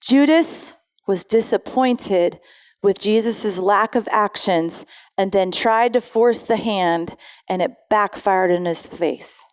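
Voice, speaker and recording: A woman's voice: medium pitch, slow. A woman pastor giving a sermon in a conversational way, reading scripture aloud and often correcting herself mid-sentence.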